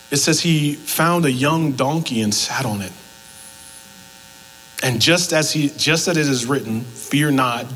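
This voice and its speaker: Animated male pastor preaching a sermon. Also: a little high, in a large hall, low-quality recording. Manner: animated storytelling, acts out both sides of conversations.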